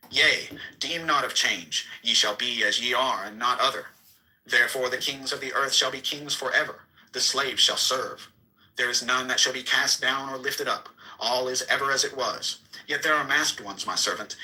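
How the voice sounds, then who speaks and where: Male reader, mid-range pitch, sharp bright tone; solemn declamatory scripture reading, deliberate pacing with quick surges. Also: rough recording. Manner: solemn, declamatory, slow and measured with sudden bursts. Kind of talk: dramatic reading of an archaic scripture.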